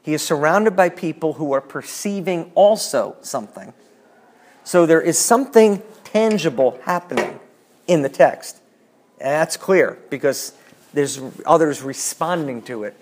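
A man's voice: a little high, lively intonation, a little slow, a little mellow, slight background noise. A man leading a Bible study, explaining passages in a thoughtful, searching way and reading scripture aloud. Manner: thoughtful, reads scripture aloud, frequent restarts.

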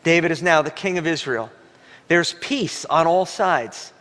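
A man pastor preaching a sermon, telling stories animatedly and breaking into a coughing fit now and then. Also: measured pace. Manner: animated storytelling, voice rising high when quoting himself. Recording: long hall reverb.

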